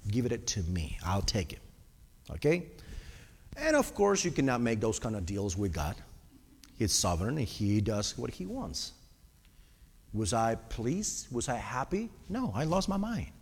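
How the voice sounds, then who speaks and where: A man's voice: mid-range voice, huge pitch swings, unhurried, pauses often, breathy edge, long reverb tail. A man preaching a sermon with personal testimony, earnest and speaking straight to the congregation. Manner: earnest, addresses the congregation directly.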